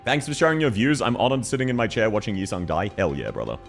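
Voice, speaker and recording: Casting: young Aussie male streamer, loose casual commentary, very animated delivery, faint music bed. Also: fairly low pitch, quick pace, gravelly. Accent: Australian. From Australia. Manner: excitable, bursts into shouting. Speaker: gaming streamer.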